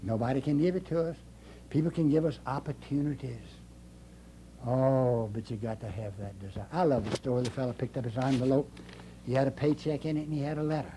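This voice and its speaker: Older male motivational speaker, folksy and emphatic, mellow tone, slightly raised pitch. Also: fast, a little hiss or hum. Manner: folksy, emphatic, repeats key phrases. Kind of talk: motivational speech to a live audience. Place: speaking to an audience in a room.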